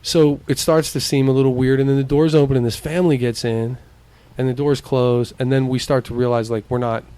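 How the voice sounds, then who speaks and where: A man's voice: mid-range voice, brisk, hardly any pauses, smooth, no echo. A man from Arizona, co-hosting a podcast, telling a story casually and acting out the people in it, swearing freely. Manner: animated, acts out quoted voices, swears freely. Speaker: podcast co-host.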